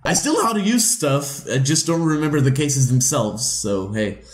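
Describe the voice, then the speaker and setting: A man's voice: mid-range voice, big pitch swings, normal speed, a little hiss or hum. A man casually commenting as he plays a video game, chatty and self-mocking. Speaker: let's play host. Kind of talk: casual let's play commentary. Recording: roomy room with game music.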